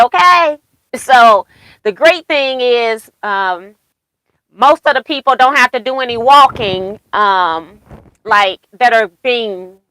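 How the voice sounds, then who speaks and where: A woman's voice: a little high, bright, forceful tone, no echo, poor audio. A woman hosting a casual quilting live chat, rambling about her plans and reading viewer comments aloud. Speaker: quilting livestream host.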